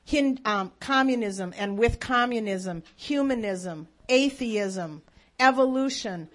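A woman's voice: fairly high pitch, takes it slowly. A woman telling a faith story as a sermon, earnest and emphatic. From United States. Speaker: speaker.

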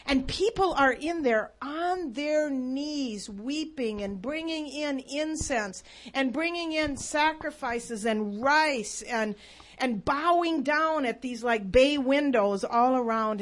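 A woman's voice: sits high, takes it slowly. A woman telling a faith story as a sermon, earnest and emphatic. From United States. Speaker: speaker.

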